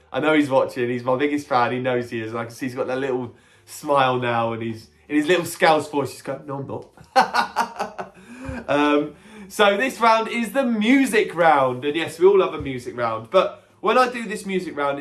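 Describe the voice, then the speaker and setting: A young man hosting a casual pub-style quiz, chatty and self-mocking, with a giggly manner. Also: mid-range voice. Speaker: quiz host.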